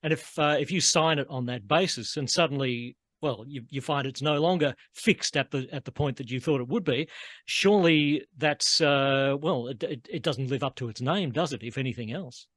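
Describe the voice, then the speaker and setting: A man's voice: mid-range voice, normal speed, fairly bright tone, no echo. A man hosting a podcast interview, thinking aloud hesitantly and restarting his sentences.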